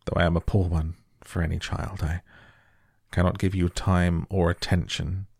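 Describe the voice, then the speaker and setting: Brief: a man as a worn-out, distracted guardian, low and gravelly. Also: level tone, moderate pace, darkish tone, no echo, studio quality, heavily acted. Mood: weary. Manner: distracted, muttering. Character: weary, troubled middle-aged guardian.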